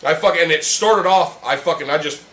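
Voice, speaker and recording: A man's voice: on the high side, brisk, a bit bright. A young man hosting a casual chat, ranting heatedly and swearing constantly while drinking beer with friends in a room. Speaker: podcast host. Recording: echoey room with faint ambient noise.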